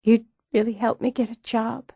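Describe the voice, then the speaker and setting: A woman voicing a fragile, ashamed young woman in an audiobook, with a halting, emotional delivery. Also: on the high side, level tone, dark tone, no room sound. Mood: hopeful. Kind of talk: audiobook dialogue.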